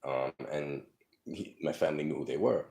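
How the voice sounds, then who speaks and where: A man's voice: very deep voice, normal speed, creaky, warm tone. A man telling his life story casually, profane and rambling, full of fillers, acting out the people in his stories.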